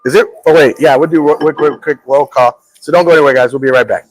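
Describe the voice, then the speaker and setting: A man's voice: fairly high pitch, fast talker, dry recording, soft background music. A middle-aged man hosting a live show, chatting casually and joking, often repeating his words. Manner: jokey, animated, repeats words. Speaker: host.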